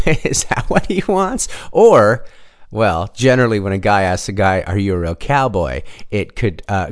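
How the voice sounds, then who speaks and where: A man casually telling a long story on his own show, rambling, restarting sentences and swearing now and then. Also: on the low side.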